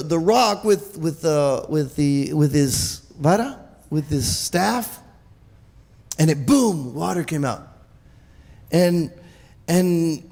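Male pastor, high and gravelly voice, animated sermon, hall reverb. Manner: animated, repeats words, calls for amens.

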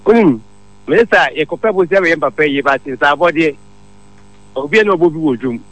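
A man's voice: a little high, expressive, normal speed, fairly bright tone, no echo, rough recording. A man calling in to a radio show and telling a long, rambling story. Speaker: caller. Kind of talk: phone-in chat.

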